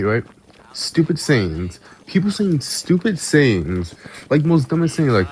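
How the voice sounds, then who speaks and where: A man's voice: on the high side, big pitch swings, a little slow, darkish tone, slight background noise. A man ranting casually to camera, stammering and swearing, often breaking into laughs. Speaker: vlogger. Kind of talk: casual rant.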